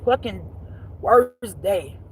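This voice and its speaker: A woman telling a personal story as a spiritual life teacher, in a blunt, profane, animated way that swings between loud and hushed. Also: medium pitch, drawn-out words, slight background noise. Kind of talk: casual storytelling monologue.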